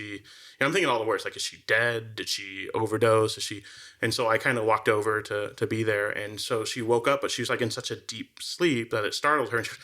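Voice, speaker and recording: A man's voice: on the low side, fast. A man co-hosting a podcast in casual conversation, telling stories animatedly and acting out the voices of the people in them. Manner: animated storyteller, acts out quoted voices; frequent fillers like "like" and restarts. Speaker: podcast co-host.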